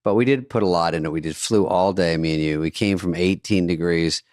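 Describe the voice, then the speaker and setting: An older man co-hosting a podcast with a deep, low voice. He tells stories in dry, sarcastic riffs. The sound is close and dead, with no room echo. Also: fairly quick, a little mellow, smooth. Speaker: podcast co-host. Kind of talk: casual chat. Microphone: studio podcast mic.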